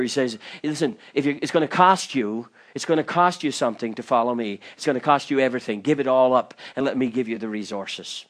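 Man, pastor, sermon, fervent pleading then soft confiding, folksy asides, acts out scripture characters. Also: medium pitch.

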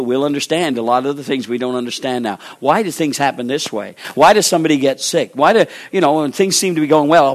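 Man preaching, loud then hushed. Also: on the high side. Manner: swings from loud exhortation to hushed, slow pleading; acts out biblical dialogue. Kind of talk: sermon.

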